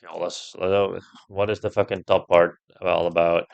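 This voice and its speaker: A young man commenting while he plays a puzzle game, thinking out loud, swearing often and getting loudly frustrated. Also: sits low, little pitch movement, normal speed, vocal fry, highs cut off. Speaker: gameplay streamer.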